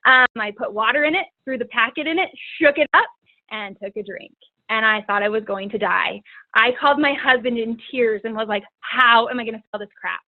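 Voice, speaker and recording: A woman tells her own story as a guest speaker, chatty and loose, leaning on filler words. Her voice sits a bit high and comes through thin, as if over a phone line. The sound is dry with no room around it. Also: a little fast, no echo. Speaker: guest speaker, fitness coach. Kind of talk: personal testimony talk.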